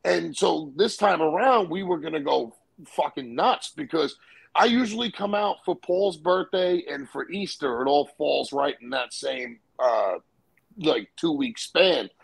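A man's voice: fairly high pitch, measured pace, gravelly, husky, no echo, low-quality recording. A man in casual chat, slangy and profane, calling people "bro" as he talks.

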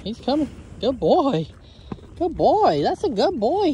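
A man's voice: very high-pitched, huge pitch swings, slow, dark tone, husky. A man, a homesteader chatting casually in a vlog, coaxing and fondly talking to his animals. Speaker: homesteader vlogger. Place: outdoor pasture.

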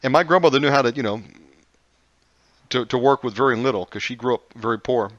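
A man hosting a faith program tells a family story in a loose, rambling way, full of fillers and restarts. His voice sits at a middle pitch. The recording is close and dry, with a dull, muffled top end. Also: brisk, fairly bright tone, dry recording. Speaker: show host. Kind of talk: casual storytelling.

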